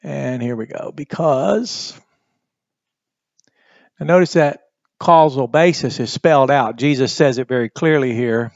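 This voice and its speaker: A man giving a recorded Bible Greek lesson, speaking slowly and deliberately, with frequent pauses and fillers. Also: medium pitch, vocal fry, no room sound. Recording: dry, dull lo-fi recording.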